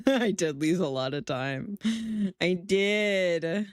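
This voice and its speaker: A drowsy woman streamer chats at home, laughing and cursing as she goes. Her pitch swings widely while she speaks slowly, and the sound is close and dry. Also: no echo. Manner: chatty, swears freely, laughs often. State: sleepy, yawning. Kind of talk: casual chat.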